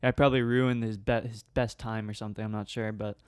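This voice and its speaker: Young male podcast co-host, casual storyteller, smooth and close, dry sound. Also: on the low side, flat delivery, quick pace, a little mellow, dry recording. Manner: rambling, laughs often, slips into quoted voices.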